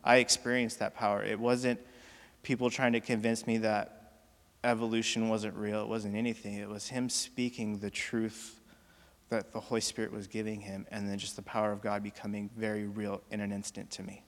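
A man's voice: on the low side, flat delivery. Earnest man sharing testimony in reverberant hall. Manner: earnest, halting, many fillers. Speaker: church member giving testimony. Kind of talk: personal testimony. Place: church auditorium.

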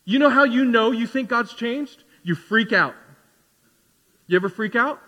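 A man preaches a sermon in a high, bright, ringing voice. He builds his points into emphatic, rising questions. The sound carries a long reverb from a large hall. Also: slow pace, long pauses. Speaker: pastor.

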